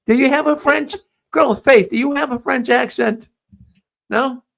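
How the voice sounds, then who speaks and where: A man's voice: very high voice, unhurried, creaky, a bit bright. A man hosting a casual live-stream quiz, jokey and playful, often repeating himself. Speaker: show host running a quiz.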